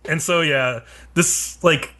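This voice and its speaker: A man's voice: fairly high pitch, slow, bright, forceful tone. A man co-hosting a podcast, casually recapping an anime episode in a rambling, filler-heavy, profane way. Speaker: podcast co-host.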